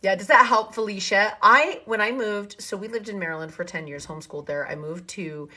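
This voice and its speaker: A middle-aged woman hosting a live online chat about homeschooling, reading out viewer comments and talking in quick, lively bursts as she acts out conversations. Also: mid-range voice, dry recording. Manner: animated, talks in quick bursts and acts out dialogue. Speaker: host of a live homeschooling session.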